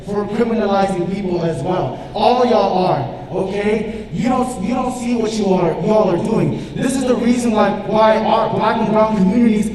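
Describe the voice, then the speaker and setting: A man's voice: high-pitched, normal speed, few pauses. An impassioned young man speaking at a county board meeting, his voice echoing through a large hall. He sounds distant from the mic, with a crowd murmuring behind him. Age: young adult. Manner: impassioned, repetitive, shouting at times. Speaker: public commenter. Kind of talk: angry public comment. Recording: echoey chamber from far off, crowd noise.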